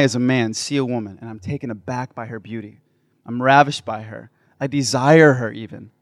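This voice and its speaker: Energetic man addressing a crowd. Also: mid-range voice, no echo, clean studio sound. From United States. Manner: playful, building to loud enthusiastic bursts. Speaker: Catholic speaker. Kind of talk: energetic talk to a live audience.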